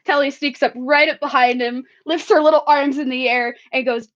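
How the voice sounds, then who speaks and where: A woman's voice: high-pitched, normal speed, muffled recording. Giggly woman tabletop player. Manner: giggly, animated. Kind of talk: tabletop role-play narration.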